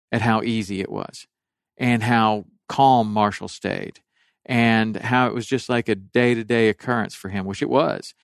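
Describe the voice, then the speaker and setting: A middle-aged man with a low, smooth, resonant voice tells a story in a relaxed, rambling way. He often starts over mid-sentence and perks up when he quotes other people. The sound is dry and close. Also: no echo. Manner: rambling, with restarts, animated when quoting others. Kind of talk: casual storytelling chat.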